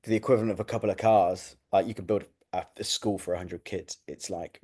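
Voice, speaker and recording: A middle-aged man with an English accent talks through his story as a podcast guest. His voice sits low and sounds dark and mellow. He speaks in a relaxed, reflective way, with frequent fillers and restarts. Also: quick pace, husky. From United Kingdom. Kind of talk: casual interview chat.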